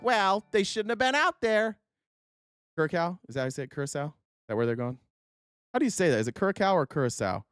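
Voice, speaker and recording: A man from Utah with a medium-pitched voice hosts a casual political livestream, reading his viewers' chat comments aloud and answering them sarcastically. There is no room sound in the recording.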